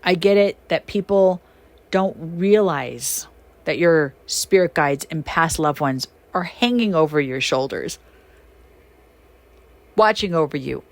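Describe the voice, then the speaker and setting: A woman with a somewhat low voice hosts a spoken podcast and tells her stories as casual talk. She is chatty, full of fillers, and jumps up in pitch when something excites her. Her delivery is animated and emphatic. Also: slow pace. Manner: chatty with many fillers like "you know". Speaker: podcast host and shaman. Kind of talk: casual storytelling monologue.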